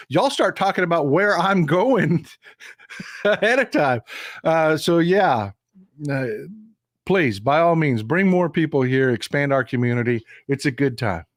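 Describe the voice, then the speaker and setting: A man's voice: on the high side, animated, moderate pace, no room sound, clean studio sound. A man hosting a casual political commentary livestream, folksy and repetitive, talking straight to his chat.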